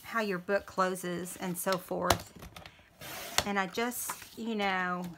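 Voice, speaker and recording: A woman, chatting while she works through a paper-crafting tutorial. She thinks aloud as she goes and keeps clearing a scratchy throat. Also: lowish voice, steady tone, slow pace. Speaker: crafting video host.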